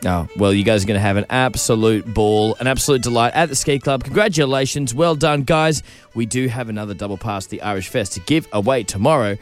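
A man hosting breakfast radio in an energetic, enthusiastic way. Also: brisk. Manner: energetic and enthusiastic, lively pitch. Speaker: radio host. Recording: music bed underneath.

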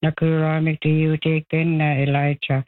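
Caller, very flat delivery over a phone line, slow halting name list. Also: medium pitch. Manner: halting, listing names with pauses. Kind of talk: call-in radio greetings.

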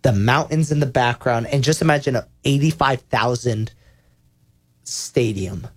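Young male sports talk host, mid-pitched, excitable and rambling, dry close sound. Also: unhurried, no echo. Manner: rambling, self-correcting, enthusiastic. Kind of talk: casual sports talk countdown.

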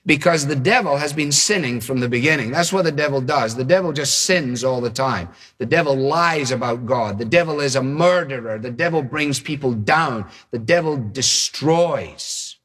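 A man's voice: medium pitch, moderate pace, hardly any pauses, fairly bright tone, breathy edge, long reverb tail. A man preaching a sermon, driving his points home with emphatic, repeated phrases. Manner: emphatic, repetitive, building phrases.

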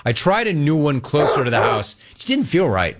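An older man hosting a call-in radio show, ranting in a lively, mocking way. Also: fairly high pitch, fairly quick. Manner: animated rant with mocking voices. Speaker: sports radio host.

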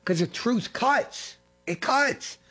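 High-voiced husky fervent preacher man. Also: animated, slow. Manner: fervent, repeats phrases, swings between loud and hushed. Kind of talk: impassioned sermon.

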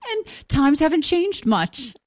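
A woman hosts an interview show in easy, casual conversation. Her voice sits slightly high. She jokes around and laughs often between her questions. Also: big pitch swings, slow pace, a little mellow.

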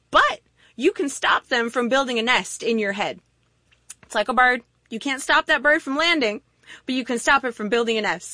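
A woman with a higher-pitched voice preaches a sermon, telling stories in an animated way and acting out little voices as she goes. The recording is dry.

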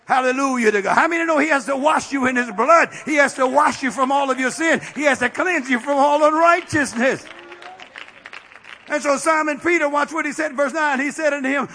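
A middle-aged male pastor preaching a fervent sermon, peppering his phrases with amen and building up to shouts. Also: extremely high pitch, brisk.

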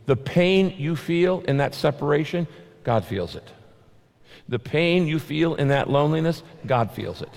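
A man preaching a sermon as pastor, earnest, repeating key phrases and dropping his voice low to stress a point. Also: lively intonation, unhurried, gravelly, darkish tone, long reverb tail.

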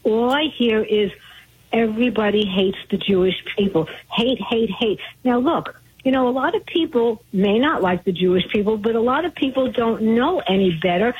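A woman's voice: on the high side, expressive, moderate pace, slightly rough. A woman from Brooklyn calling in to a radio show, chatty and earnest. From Brooklyn, New York. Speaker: caller. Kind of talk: call-in radio caller. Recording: phone line.

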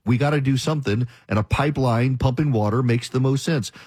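Hosting a talk radio show, a man delivers an emphatic, opinionated rant, mocking his critics by quoting them in put-on voices. His mid-range voice is brisk, husky and darkish, with no echo.

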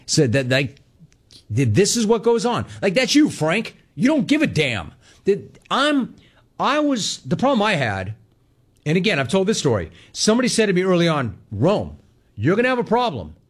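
Animated male sports talk host. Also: high voice, moderate pace, slightly rough. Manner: animated storytelling, mimics callers and others in quotes. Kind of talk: casual radio-style monologue.

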